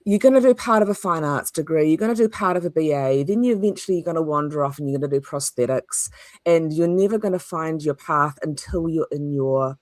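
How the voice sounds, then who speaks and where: A woman talking as a guest over a video call, thoughtful and candid, with some halting restarts. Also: sits low, no echo. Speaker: interview guest.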